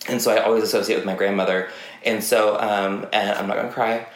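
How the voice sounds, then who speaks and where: A young man chatting as a podcast guest, telling animated stories with lots of fillers and laughs. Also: lowish voice, quick pace. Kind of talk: casual chat. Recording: roomy echo.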